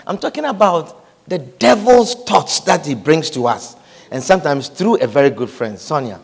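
Pastor, male, high and very animated delivery, acts out quotes mid-sermon. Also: normal speed, vocal fry. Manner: animated preaching, acts out scripture quotes and scenes, laughs often.

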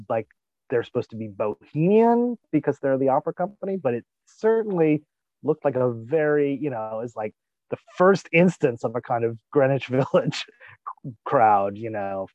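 A man's voice: medium pitch, dry recording. Chatty man on a dull, dry mic. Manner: chatty, musing, with frequent restarts. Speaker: podcast co-host. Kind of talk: casual chat, TV episode discussion.

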